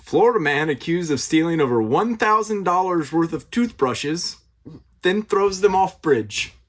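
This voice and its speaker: A man co-hosting a casual podcast, stammering and restarting his sentences when he gets excited. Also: on the high side, measured pace. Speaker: podcast co-host.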